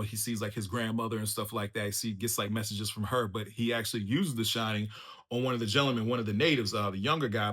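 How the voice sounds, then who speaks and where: A man giving a casual, unscripted show review as the host of his own channel, loose and animated, laughing often and calling the listener "bro" and "man". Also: fairly low pitch. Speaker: YouTube reviewer.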